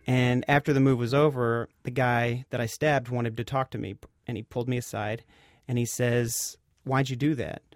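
A man's voice: mid-range voice, moderate pace, no echo, studio quality, faint music behind. Rambling man recounting a story. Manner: hesitant, filler-heavy, animated when retelling. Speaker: guest reporter. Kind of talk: casual storytelling.

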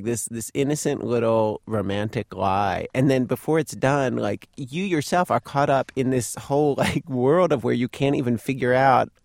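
A man's voice: medium pitch, vocal fry, darkish tone, no room sound, studio quality. A man hosting a conversation, reflective, thinking aloud as he responds to a guest's story. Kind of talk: conversational interview.

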